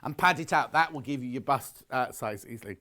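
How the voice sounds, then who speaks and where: A man selling live on a shopping channel speaks at a medium pitch with a pushed, bright tone. His patter is fast and chatty, frequently self-correcting and a touch breathless, recorded through a lapel mic in a TV studio.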